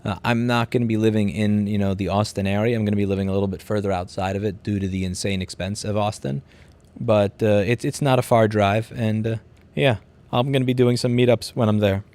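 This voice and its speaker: The voice is fairly low, brisk, steady, and a little mellow. It belongs to a livestream host in his thirties from Queens, New York City, who speaks with a New York accent, reads viewer comments aloud, and answers bluntly, sometimes with profanity, rambling and restarting sentences.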